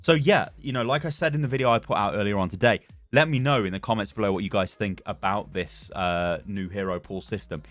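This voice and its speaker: A man's voice: on the low side, fairly bright tone, dry recording. A man hosting a gaming video, talking casually and loosely, searching for words with lots of fillers. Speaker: gaming YouTuber. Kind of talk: casual video outro commentary.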